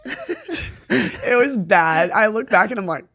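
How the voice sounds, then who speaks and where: A woman's voice: mid-range voice, lively intonation, normal speed, a bit bright. A young woman chatting as a podcast guest, laughing often and swearing casually. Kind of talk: casual interview chat.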